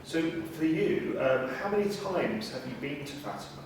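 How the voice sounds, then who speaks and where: A man interviews a guest, asking his questions in a halting way with plenty of fillers. He sounds far from the microphone. A large, very echoey room surrounds his voice, with a faint hiss underneath. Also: fairly high pitch, big pitch swings. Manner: hesitant, with many fillers. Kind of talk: conversational interview.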